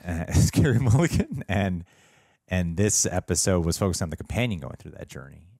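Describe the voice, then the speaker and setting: A man co-hosting a TV reaction show, chatting casually with deadpan jokes. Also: low-pitched, brisk, creaky, breathy edge, dry recording, clean studio sound. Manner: deadpan joking, rambling tall tales. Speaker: co-host of a reaction review show. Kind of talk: casual chat.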